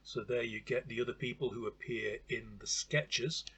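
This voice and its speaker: A chatty man talks through an old vinyl record in a relaxed review, wry and full of ums and uhs. His voice is bright and a little husky, at a middle pitch. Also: normal speed.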